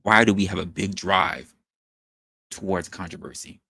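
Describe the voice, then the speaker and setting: A man hosting an opinion show, talking in an animated, rhetorical way and posing questions to his audience. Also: deep voice, moderate pace, no room sound, clean studio sound. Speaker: podcast host. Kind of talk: opinion commentary monologue.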